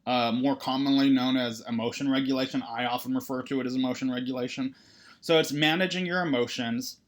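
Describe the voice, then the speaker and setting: A therapist gives a recorded lecture to counseling students in a medium-pitched male voice. He's relaxed and conversational, sprinkling "right?" throughout.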